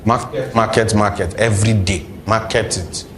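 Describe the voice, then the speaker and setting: A man's voice: on the low side, steady tone, moderate pace, background noise. A man, teaching a sales class and quizzing his audience. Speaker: sales trainer. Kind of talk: classroom lecture.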